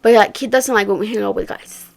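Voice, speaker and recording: A gravelly, medium-pitched woman talks fast as she shares a story with her viewers. The young vlogger keeps it chatty, swears plenty, and imitates her friends when quoting them.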